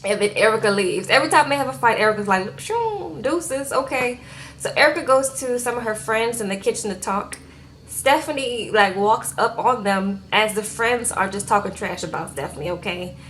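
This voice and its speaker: A woman's voice: mid-range voice, a little fast, fairly bright tone, slight background noise. A woman giving a casual recap of a reality show episode, retelling scenes in a chatty way and often tagging her sentences with "okay?".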